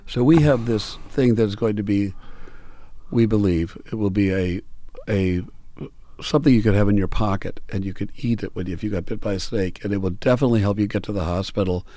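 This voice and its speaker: A man's voice: fairly low pitch, a little fast, dark tone. A man, a musician and startup founder, talking casually in a rambling way with many restarts and fillers. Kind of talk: casual conversation.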